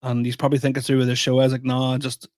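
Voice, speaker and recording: A man's voice: mid-range voice, monotone, very fast, a little mellow, no room sound. Dry-sounding male podcast co-host. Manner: rambling, self-deprecating storytelling with many restarts. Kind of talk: casual chat.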